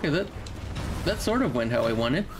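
A man's voice: on the high side, sing-song, brisk, background noise. A young man streaming a video game, casually commenting and playfully talking to the enemies on screen. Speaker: let's play streamer.

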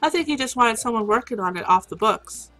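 A woman's voice: on the high side, animated, fairly quick, a bit bright, soft background music, poor audio. A woman voicing a breezy hacker who calls people hun, attempting a drawl and reading the lines aloud. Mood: easygoing.

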